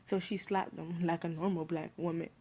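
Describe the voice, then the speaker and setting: A woman with a Miami accent gives a casual spoken movie review. She rambles loosely, fills her talk with "like" and "you feel me", and gets animated when she retells scenes. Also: on the low side, normal speed, slight background noise.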